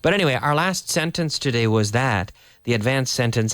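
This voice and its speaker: A man's voice: mid-range voice, animated, normal speed, a bit bright, no echo, studio quality. A Canadian man with a Canadian English accent, an English teacher on a radio show, explaining casually and rambling a little while spelling words out letter by letter. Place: radio studio.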